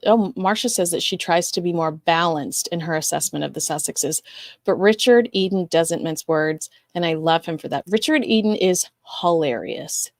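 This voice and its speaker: A woman's voice: fairly low pitch, normal speed, no room sound, clean studio sound. A woman hosting a casual livestream, chatting and reading viewer comments in a rambling, talkative way. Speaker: show host reading live chat.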